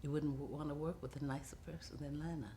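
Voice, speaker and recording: A woman in her seventies from the United States, an actress reminiscing in an interview, animated and laughing often as she tells stories. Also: deep voice, quick pace, a little hiss or hum. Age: 70s.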